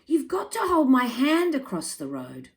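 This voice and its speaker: A woman reading aloud, voicing an eager little girl who calls out in high, excited tones. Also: measured pace, exaggerated voice.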